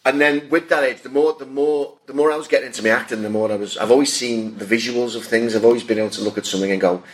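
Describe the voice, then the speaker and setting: A man's voice: mid-range voice, fast talker, hardly any pauses. A middle-aged man with a Liverpool accent, an actor talking earnestly about his career while sitting at a table on the top deck of a bus. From Liverpool, England. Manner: earnest, reflective storytelling. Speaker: actor guest. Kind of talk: casual chat.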